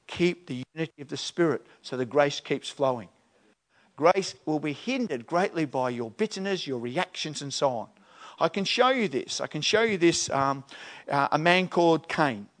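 A man's voice: fairly high pitch, lively intonation, moderate pace, a bit bright. A man, a pastor preaching a conversational sermon and acting out questions and voices with animation.

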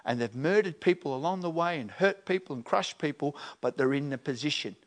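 Male pastor, slightly high voice, animated conversational sermon delivery. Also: brisk. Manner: animated, acts out voices and questions.

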